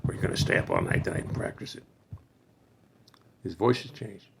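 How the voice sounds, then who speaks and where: A hoarse man hosting a casual livestream for fans, chatting loosely, thinking aloud and greeting viewers by name. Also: low voice, wildly swooping pitch, normal speed, very noisy. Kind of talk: rambling casual livestream chat.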